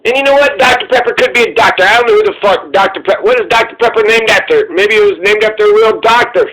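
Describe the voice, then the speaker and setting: Mocking, profane high-voiced man. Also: fast, a bit bright, rough recording. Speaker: commentary video host. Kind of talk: casual profane commentary.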